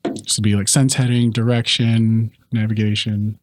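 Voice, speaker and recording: A man with a Southern US accent running a tabletop game as game master, relaxed and full of fillers. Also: on the low side, normal speed, a little hiss or hum. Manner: relaxed, filler-heavy, hesitant phrasing.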